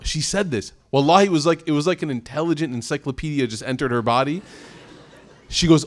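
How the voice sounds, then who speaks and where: Lively man teaching a congregation. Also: fairly high pitch, fast talker. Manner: animated, laughs along, speaks directly to the audience. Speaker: Islamic teacher giving a talk. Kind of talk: storytelling lecture to an audience of families.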